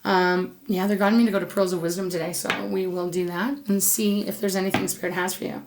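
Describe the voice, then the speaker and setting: A woman's voice: medium pitch, flat delivery, quick pace, vocal fry, background noise. A woman giving a tarot reading to her viewers, emotional and affectionate, gushing and repeating her words. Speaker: tarot reader.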